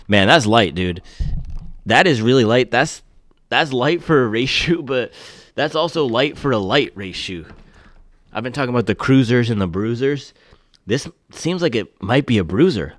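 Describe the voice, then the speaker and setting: A man hosting a casual shoe review, talking excitedly and breaking into slangy exclamations. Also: on the low side, normal speed, no echo, studio quality. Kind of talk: casual product review vlog.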